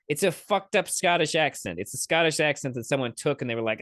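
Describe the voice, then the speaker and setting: A man's voice: fairly high pitch, lively intonation, moderate pace, a bit bright, no room sound, clean studio sound. A man hosting a podcast, giving sarcastic, swear-filled commentary on clips he plays. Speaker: podcast host. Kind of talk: casual commentary reacting to clips.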